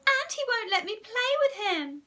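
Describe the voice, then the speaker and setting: A woman's voice: very high-pitched, big pitch swings, moderate pace, sharp tone, slight background noise, pitched above the performer's own voice, exaggerated voice. A woman voicing a whining, pleading little goody-goody boy, reading a children's storybook aloud. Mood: whiny. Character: whiny little goody-goody younger brother.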